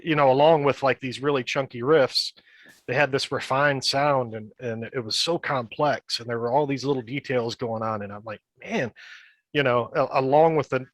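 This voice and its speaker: A bright, clear-voiced man in his fifties chats on a podcast, rambling through old stories. He restarts his sentences often and laughs as he goes. The sound is close and dry, with no room around him. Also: medium pitch, no room sound. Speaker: podcast guest, metal band member. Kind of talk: casual storytelling chat.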